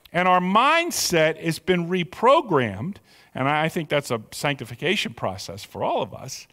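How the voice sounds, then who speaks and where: A pastor preaching a sermon with emphatic, drawn-out stressed words in a church sanctuary. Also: male voice, high-pitched, fairly bright tone, in a large hall.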